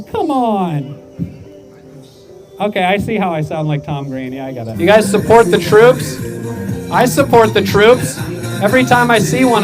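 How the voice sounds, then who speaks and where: A young man doing stand-up crowd work outdoors on a city street through a portable speaker, firing off quick political one-liners and teasing people passing by. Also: high voice. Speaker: stand-up comedian. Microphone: amplified through a portable speaker.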